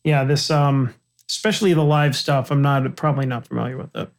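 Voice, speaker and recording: A man co-hosting a casual podcast, talking in a halting way and losing his words. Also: medium pitch, fairly even intonation. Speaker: podcast co-host.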